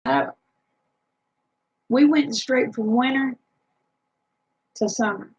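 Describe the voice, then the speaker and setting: A woman's voice: on the high side, very animated, slow pace, darkish tone, slightly rough, muffled recording. A tired woman, rambling chattily to live chat viewers about her homestead with lots of fillers. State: tired, yawning.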